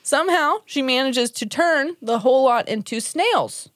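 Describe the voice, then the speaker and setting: A woman co-hosts a podcast, recapping a film in loose, chatty fashion. She laughs often and swears freely, and her fairly high voice leaps up and down. The sound is close and dry. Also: animated, moderate pace, a bit bright, no room sound. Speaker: podcast co-host. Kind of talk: casual chat, recapping a film.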